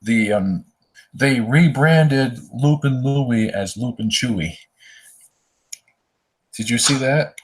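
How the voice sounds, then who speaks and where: A man's voice: mid-range voice, slow, long pauses, poor audio. A man co-hosting a podcast, blunt and scornful in casual chat. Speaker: podcast co-host.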